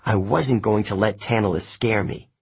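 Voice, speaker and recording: A man narrating an audiobook in the first person, telling the story in a plain, measured way. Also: on the low side, creaky, a little hiss or hum.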